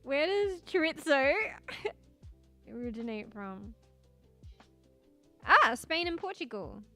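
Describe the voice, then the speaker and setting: Streamer, female, fairly high voice; giggly, swears, loops on words; faint music under her. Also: sing-song, slow pace. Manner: giggly, swearing, repeats words to test pronunciation. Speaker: streamer chatting with viewers. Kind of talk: casual chat, reading chat and search results aloud. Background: soft background music.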